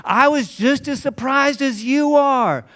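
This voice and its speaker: High-voiced man preaching conversationally. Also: slow, bright, forceful tone. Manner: conversational storytelling, acting out disciples' lines. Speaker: pastor. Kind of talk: sermon. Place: church.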